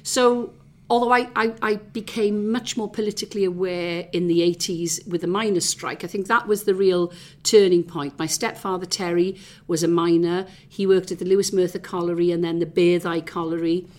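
This interview guest, a middle-aged woman from the South Wales valleys, has a lowish voice with fairly even intonation and a moderate pace. In her Welsh accent she reminisces conversationally and reflectively, with plenty of fillers and restarts.

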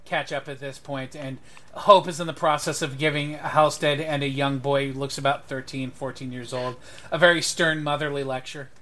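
A man narrating as game master of a tabletop role-playing game, pausing often with ums and uhs. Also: mid-range voice, fairly even intonation, fairly bright tone, a little hiss or hum. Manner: hesitant, lots of ums and uhs.

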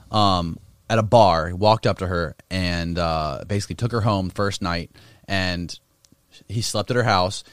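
A man with a very low voice recorded close and dry, chatting on a podcast. He rambles through a story, swears freely and piles on filler words as he goes. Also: dry recording. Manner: rambling, swears often, animated retelling. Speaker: podcast co-host. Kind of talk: casual chat.

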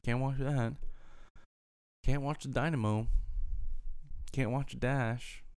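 A man's voice: medium pitch, fairly even intonation, slow, a little mellow, clear, resonant tone. A man in a casual, profane rant as an upset sports fan, talking heatedly and repeating himself. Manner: heated, profane, repetitive ranting.

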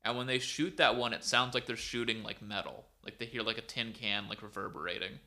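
A man's voice: on the low side, a little fast, bright, forceful tone. A man co-hosting a podcast, retelling a story casually over a video call, filling it with "like" and "um". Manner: rambling, filler-heavy. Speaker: podcast co-host.

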